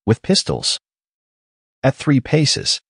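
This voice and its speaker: A man's voice: mid-range voice, sing-song, takes it slowly, creaky, slightly rough, no echo, studio quality, voice pushed up, exaggerated voice. A man voicing a buffoonish, lying old father who splutters and rants theatrically in an audiobook. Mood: blustering. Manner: shouting, mocking, self-dramatizing. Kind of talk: audiobook character reading.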